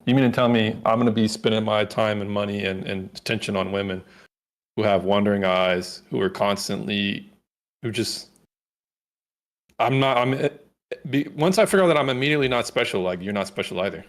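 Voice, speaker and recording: A man's voice: fairly low pitch, fairly quick. A man co-hosting a casual chat, giving blunt, opinionated commentary on a video. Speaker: co-host reacting to a video.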